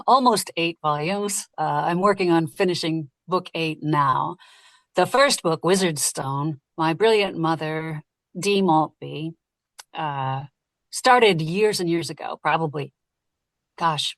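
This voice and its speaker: A woman who narrates audiobooks, talking casually and lively in an interview and laughing easily. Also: deep voice, no echo. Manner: lively, chatty, quick to laugh.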